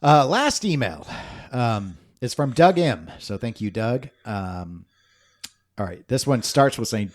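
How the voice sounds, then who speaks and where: A man's voice: medium pitch, very animated, slow, no echo, studio quality. A man co-hosting a casual podcast chat, opinionated and analytical, thinking aloud with restarts. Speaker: podcast co-host.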